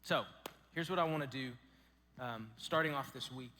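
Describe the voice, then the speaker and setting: Guy preaching at a youth camp, bright tense voice, telling stories, echoey hall. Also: medium pitch. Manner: storytelling, animated, dramatic pauses. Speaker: camp speaker.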